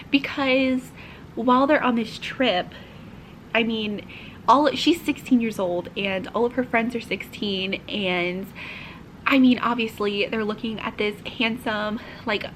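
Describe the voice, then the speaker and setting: A young woman chats excitedly about her current read, her voice set a little high. She gushes and often slips into soft, half-whispered asides. A faint hiss of room noise sits underneath. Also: rough recording. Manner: gushing, chatty, drops to half-whispered asides. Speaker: book vlogger. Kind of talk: casual reading-vlog chat.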